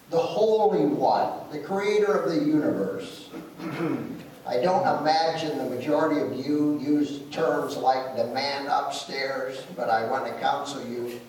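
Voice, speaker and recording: A man's voice: fairly high pitch, darkish tone. A man preaching a sermon as pastor, telling folksy stories and making emphatic declarations. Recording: echoey room from far off with faint noise.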